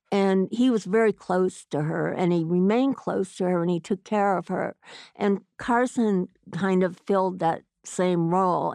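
A woman's voice: medium pitch, creaky, darkish tone, no room sound, clean studio sound. A woman author answering interview questions in a thoughtful, hesitant way with many fillers.

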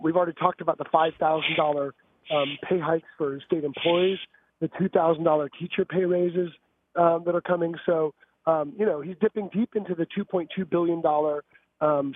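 A man with a raspier-than-usual voice reporting on politics for a radio talk show, brisk and informed. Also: a little high, steady tone. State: raspy voice. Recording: tinny phone line.

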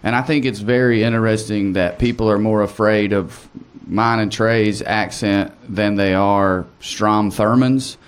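A comedian from Tennessee with an Appalachian accent, telling things in a wry, deliberate way. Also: male voice, on the low side, fairly even intonation, smooth. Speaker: comedian guest. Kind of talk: casual chat.

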